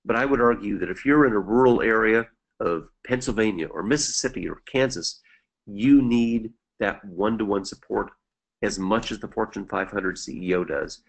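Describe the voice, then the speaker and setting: A middle-aged man presenting an educational webinar as host, earnest and deliberate, repeating key points slowly. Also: lowish voice, gravelly, poor audio.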